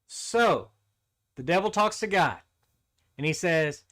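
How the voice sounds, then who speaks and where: A man's voice: a little high, expressive, slow, long pauses, fairly bright tone. Folksy, rambling male tech-tips host. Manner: folksy, rambling, joke-telling, apologetic. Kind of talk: casual talking-head vlog.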